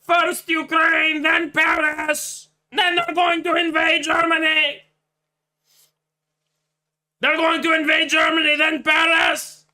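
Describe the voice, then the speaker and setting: Guy doing a screechy broken english president, yelling the whole time, drawn out. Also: very high-pitched, completely flat delivery, slow, full character voice. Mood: frantic. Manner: shouting, ranting, broken English. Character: frantic male wartime head of state begging for cash. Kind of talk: comedic impression on a livestream.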